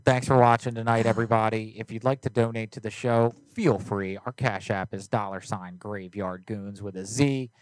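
A man's voice: on the low side, steady tone, normal speed, hardly any pauses, smooth, dry recording. A man hosting a prank call livestream, crude and laid-back, talking close into a studio mic. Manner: crude, laid-back, calls people honey. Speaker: prank call show host. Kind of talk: livestream banter.

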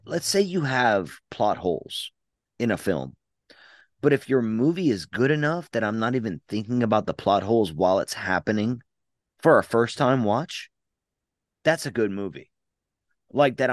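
Blunt, rambling man with a low voice. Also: no echo, studio quality. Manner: rambling, blunt, restarts often. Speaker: podcast co-host. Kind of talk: casual movie review chat.

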